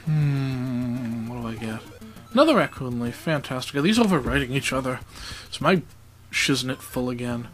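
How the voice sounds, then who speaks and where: A man talks his way through a video game in a loose, joking commentary, his voice sitting at an ordinary middle pitch. He pokes fun at himself between moves, and faint game music plays underneath. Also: animated, normal speed, a bit bright, rough recording. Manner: chatty, joking, self-mocking asides. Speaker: let's play commentator. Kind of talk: casual gameplay commentary.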